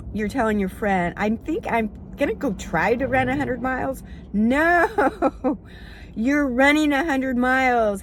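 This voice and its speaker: A middle-aged woman talks to the camera as a running coach, upbeat and encouraging. Her voice sits at a middle pitch, with frequent ums in her casual delivery. A faint background noise stays under her speech. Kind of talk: casual advice talk to camera.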